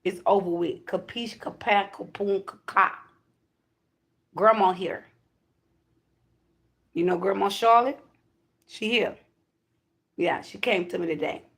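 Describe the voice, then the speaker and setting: A woman with a gravelly, creaky edge speaks as a self-styled high priestess. She hammers her points home through repeated declarations and drops in casual profanity as she channels a spiritual message to her audience. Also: a little slow, long pauses.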